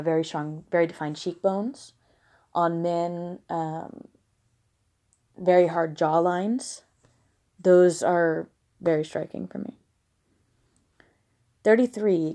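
Her fairly low, warm voice carries a casual question-and-answer monologue as this Southern American woman reads listener questions at home with a dog nearby. She replies frankly and bluntly, adding laughing, giggly asides.

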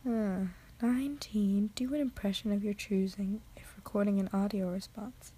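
A woman's voice: medium pitch, fairly even intonation, normal speed, warm tone, slightly rough. A tired woman rambling late at night in a recorded audio answer, drifting into half-whispers, mocking herself and swearing casually. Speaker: amateur audio creator.

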